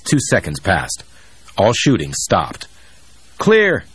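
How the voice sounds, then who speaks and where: Deep husky male audiobook narrator. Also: animated, moderate pace, dry recording. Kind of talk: scripted thriller narration.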